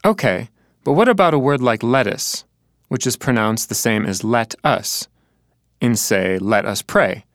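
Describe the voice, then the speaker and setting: A man talks through a scripted teaching dialogue at an unhurried pace. He pronounces each word with care, and his voice rises and falls expressively. The recording is dry and close. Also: medium pitch, lively intonation, dry recording. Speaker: language learner in a dialogue.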